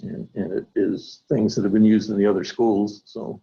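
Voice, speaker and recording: A man chairing a town committee meeting, speaking in a brisk, matter-of-fact way. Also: on the low side, level tone, vocal fry, dull audio, noisy background. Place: meeting room.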